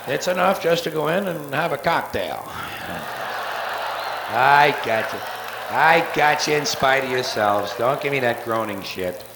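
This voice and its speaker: A man doing a live stand-up routine, profane and sardonic, with rapid-fire wordplay, on a theater stage before an audience. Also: medium pitch, gravelly. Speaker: stand-up comedian. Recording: echoey live soundboard tape with faint hiss.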